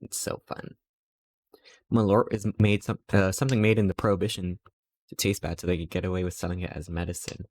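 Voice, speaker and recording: A man's voice: deep voice, flat delivery, fast talker, darkish tone, no echo. A man streaming live, telling stories in a rambling, playful way and acting out quotes. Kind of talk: casual chat while streaming.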